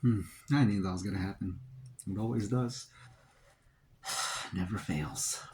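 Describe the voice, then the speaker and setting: Low-voiced man chatting over a meal. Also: a little slow, heavy background noise. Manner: relaxed, rambling, talks to himself between bites. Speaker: vlogger. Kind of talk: casual mukbang chat.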